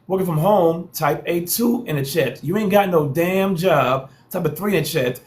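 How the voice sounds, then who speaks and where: A man's voice: fairly high pitch, normal speed. A man hosting a live social stream, hyping viewers with repeated calls to follow and share and playful trash talk.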